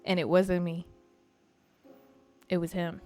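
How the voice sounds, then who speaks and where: A young woman hosting a podcast, rambling frankly through a personal story, laughing often, and she says she is high. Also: little pitch movement, slow pace, darkish tone, faint music behind. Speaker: podcast host. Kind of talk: casual confessional chat.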